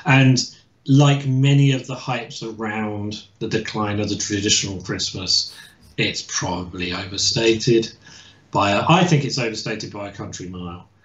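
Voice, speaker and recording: Brief: male guest historian, halting and full of restarts, lo-fi echoey video-call sound. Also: on the low side, fairly even intonation. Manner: hesitant, many restarts and fillers. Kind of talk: casual expert explanation. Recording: echoey and dull lo-fi.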